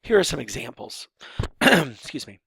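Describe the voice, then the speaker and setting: A man's voice: mid-range voice, sing-song, measured pace, gravelly, fairly bright tone, breathy edge. A man teaching sign language grammar in a lecture, explaining step by step with fillers and restarts and acting out example sentences.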